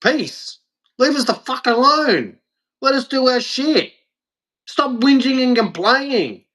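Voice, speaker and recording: A man's voice: very high voice, very animated, takes it slowly, a bit bright. Blunt, profane Australian man ranting. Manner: blunt, angry and profane, with heavy emphasis. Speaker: vlogger. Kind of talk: ranting monologue to camera.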